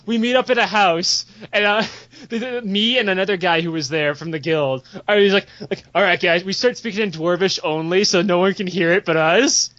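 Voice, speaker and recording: Excitable young man telling a story. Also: high voice, moderate pace, no room sound, dull audio. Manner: excitable, swears a lot, acts out voices. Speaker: podcast host telling a story. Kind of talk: casual storytelling chat.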